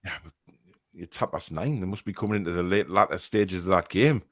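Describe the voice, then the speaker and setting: A man's voice: deep voice, brisk, no room sound, studio quality. A man hosting a casual fan podcast live stream, chatting and reading out viewer messages with plenty of fillers.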